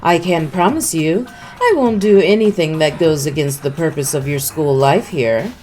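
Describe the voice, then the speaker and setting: A woman's voice: deep voice, moderate pace, darkish tone, faint music behind, close to an everyday voice. A woman voicing a gleeful, sadistic male bear mascot from a video game, in a mocking, sing-song taunting manner.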